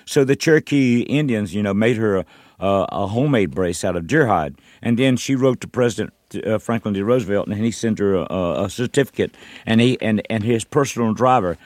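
A man's voice: on the low side, brisk, a little mellow, no echo. An older man from North Carolina, a musician guest in an interview, telling long stories in a rambling way with many restarts and "you know"s. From North Carolina, USA. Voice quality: short of breath.

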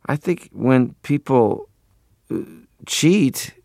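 A man's voice: medium pitch, animated, drawn-out words, vocal fry, a little mellow, dry recording, clean studio sound. A man in his forties from Canada, a radio interview guest who talks in a playful, rambling way and keeps slipping into voices. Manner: playful, rambling, drops into voices and foreign phrases.

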